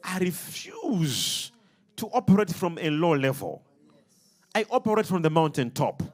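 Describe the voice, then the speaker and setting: A man's voice: a little high, big pitch swings, normal speed, a little mellow. A man preaching a sermon, emphatic and rhythmic, throwing questions out to his congregation.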